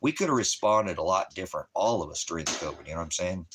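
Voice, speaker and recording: A man's voice: low-pitched, animated, quick pace, slight background noise. A man telling stories to his followers in a casual, coarse way, swearing constantly and acting out his own angry outbursts. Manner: coarse, swears constantly, mimics shouting at others. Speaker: ministry preacher. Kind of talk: casual profane storytelling to followers.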